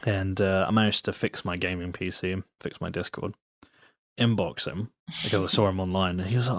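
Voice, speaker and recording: A young man chatting casually as a podcast guest, telling a long story in a relaxed way and acting out his friends' lines. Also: deep voice, brisk, dry recording, studio quality. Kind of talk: casual chat.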